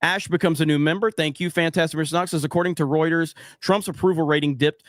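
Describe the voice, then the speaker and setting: Man, podcast host, blunt and profane, rather high voice, dry close mic. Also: fairly even intonation, fast talker, no room sound. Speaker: podcast host reading live chat. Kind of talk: casual livestream chat and storytelling.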